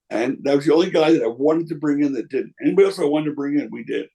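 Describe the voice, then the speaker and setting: Talking fast with hardly a pause, this former wrestling promoter, now an older man, fields interview questions with frank stories, imitating the people he quotes. His voice is higher-pitched, dark and husky, his intonation lively, and the audio poor.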